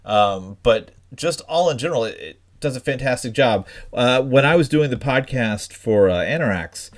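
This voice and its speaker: A man's voice: mid-range voice, expressive, moderate pace. A man co-hosting a casual comics podcast, rambling with lots of fillers and restarts. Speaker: podcast co-host. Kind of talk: casual chat.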